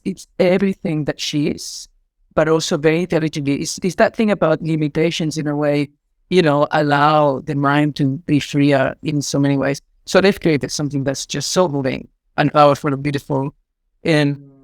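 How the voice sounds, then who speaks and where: A man's voice: fairly high pitch, dry recording, clean studio sound. A middle-aged man with a Spanish accent, answering interview questions in an effusive, rambling way with many fillers. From Spain. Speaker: artistic director and choreographer.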